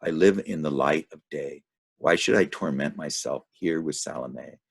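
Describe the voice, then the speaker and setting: A man's voice: very deep voice, moderate pace, gravelly, husky, heavily acted. A man reading the lines of a frightened male traveler in the underworld, in an anxious, questioning manner.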